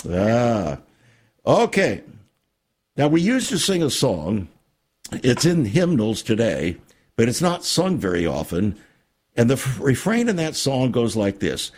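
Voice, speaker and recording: A man hosting a Christian radio talk show, preaching with emphasis and dramatic pauses. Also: mid-range voice, wildly swooping pitch, darkish tone, husky. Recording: radio studio.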